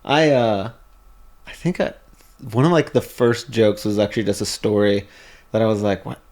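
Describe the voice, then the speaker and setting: A man hosting a casual podcast, telling sassy, animated stories. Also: on the low side, normal speed. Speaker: podcast host.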